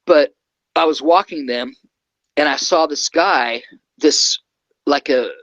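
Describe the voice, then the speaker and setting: A man's voice: on the high side, slow, a bit bright, no room sound, highs cut off. A man, a guest from California, telling a rambling story in casual talk and often checking in with "okay?". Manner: rambling, keeps adding "okay?".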